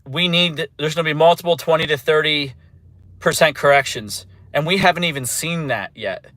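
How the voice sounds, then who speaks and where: A man's voice: on the high side, moderate pace, a bit bright, dry recording. A man hosting a crypto channel, ranting in mock panic, then earnestly calling the drop a buying chance. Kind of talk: sarcastic rant to camera.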